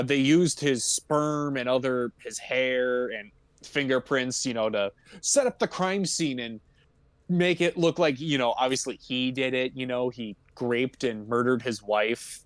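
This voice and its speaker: This is a man co-hosting a casual movie podcast. He rambles through the plot in a middle-pitched voice, leaning on "you know" and laughing easily. The sound is dry and close. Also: fairly even intonation, a little slow, clean tone, no echo. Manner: laughs often. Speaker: podcast co-host. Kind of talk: casual movie-review chat.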